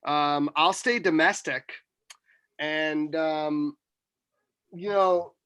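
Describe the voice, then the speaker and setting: Laid-back higher-voiced man. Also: steady tone, extremely slow, a bit bright, clear, resonant tone, no room sound. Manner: laid-back, with many fillers. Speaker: podcast co-host. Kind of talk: casual chat.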